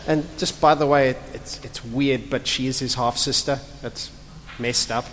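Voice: medium pitch, steady tone, normal speed, a bit bright, long reverb tail. A pastor preaching a sermon in a conversational, blunt and emphatic way, often tossing rhetorical questions to the congregation.

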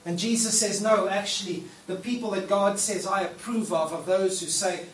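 A man's voice: high-pitched, fairly even intonation, normal speed, few pauses. A man preaching a sermon in a church hall. He talks in a casual, playful way and acts out the prayers he quotes. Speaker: pastor. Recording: echoey room, mic at a distance, faint noise.

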